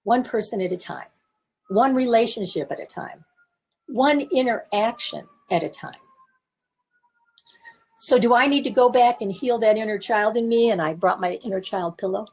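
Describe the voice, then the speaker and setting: Husky woman in her seventies, coaching. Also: fairly high pitch, expressive, moderate pace. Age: 70s. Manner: warm self-reflective coaching, candid asides. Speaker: therapist and communication teacher. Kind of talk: casual talk to camera. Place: her office.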